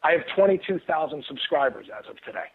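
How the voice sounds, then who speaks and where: A man telling a long story as a radio guest over the phone, excitable and rambling, with many restarts and fillers. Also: fairly high pitch, fast talker, gravelly, slight background noise. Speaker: guest author. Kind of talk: casual storytelling on a call-in radio show. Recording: tinny phone line.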